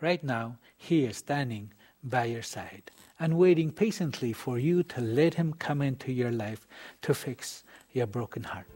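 A man hosting a religious program, speaking to viewers in a measured, gentle pastoral way. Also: medium pitch, expressive, faint music behind. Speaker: program host. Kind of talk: earnest religious TV appeal.

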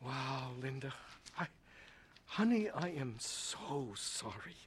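An actor playing a gentle, reassuring husband in a radio drama. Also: male voice, medium pitch, big pitch swings, slow, slight background noise. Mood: concerned. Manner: soft-spoken, reassuring. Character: gentle, steady husband in his prime.

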